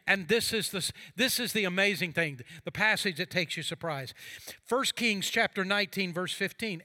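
A man, a pastor, preaching a sermon, moving from fervent passages to hushed quiet ones and reading scripture aloud with drama. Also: sits high, normal speed, no room sound.

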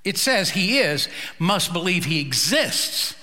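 A male pastor preaching a sermon, slow and emphatic, with dramatic pauses. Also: high-pitched, very animated, pushed and bright, big-room sound.

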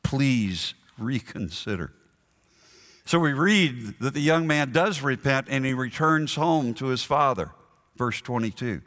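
A man preaching a sermon in a church, slow and earnest, stressing his points through repetition. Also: mid-range voice, animated, a bit bright, big-room sound. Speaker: pastor.

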